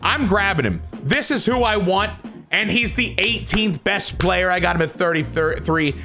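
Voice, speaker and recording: A man commenting on his own video game play, excitable and dramatic, swinging from shouts to groans. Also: high voice, unhurried, soft background music. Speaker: gaming YouTuber.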